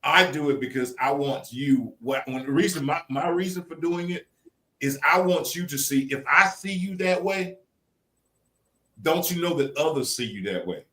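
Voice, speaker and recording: A man's voice: a little high, expressive, moderate pace, bright, forceful tone. Guy w/ musing on stuff, kinda preachy, echoey room. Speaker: podcast co-host. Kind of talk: casual chat.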